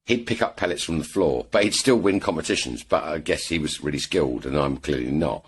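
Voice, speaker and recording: A British man with a very low, husky voice, chatting as a podcast guest. He rambles through his stories, doubling back and adding asides as he goes. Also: fairly quick. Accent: British English. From England. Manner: rambling storyteller, lots of restarts and asides. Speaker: podcast guest, airgun shooter. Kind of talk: casual chat.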